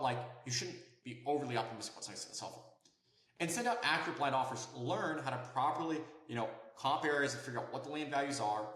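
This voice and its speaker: Man, fast pace, emphatic coaching talk, echoey room. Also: mid-range voice, a bit bright. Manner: fast, emphatic, peppered with "okay?" and "right?". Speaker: land investing sales consultant. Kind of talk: instructional talk to camera.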